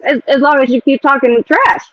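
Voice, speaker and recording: A woman in her forties joining a livestream, sassy with quick comebacks. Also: sits high, fairly even intonation, fairly bright tone, dull audio. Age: 40s. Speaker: stream guest. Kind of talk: casual banter on a livestream.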